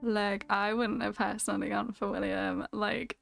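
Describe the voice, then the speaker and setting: A woman voicing a dramatic, judgy male friend who talks loud and exasperated. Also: flat delivery, normal speed, gravelly, faint music behind. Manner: loud, exasperated, shrill whines.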